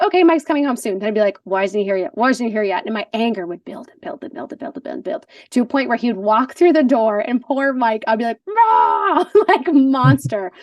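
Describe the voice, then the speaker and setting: A woman in her forties, a guest in a casual conversation, telling stories in an animated way and laughing often. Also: on the high side, dry recording, clean studio sound, far from the mic.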